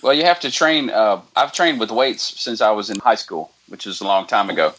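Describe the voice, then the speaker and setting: A man's voice: fairly low pitch, moderate pace, fairly bright tone, rough recording. An American man, a strongman guest, chatting easily and laughing along. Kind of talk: casual podcast chat.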